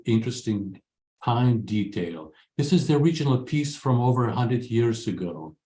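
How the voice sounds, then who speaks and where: A man in his sixties from Ukraine, a guest telling his story in an interview, earnest and halting with many pauses. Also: medium pitch, dark tone. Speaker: guest, photographer. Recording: echoey room.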